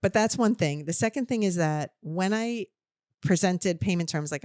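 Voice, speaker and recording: A young adult woman with a New Jersey accent, co-hosting a podcast in casual chat, telling a story in an animated, self-deprecating way. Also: on the low side, moderate pace, no room sound, studio quality. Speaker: podcast co-host.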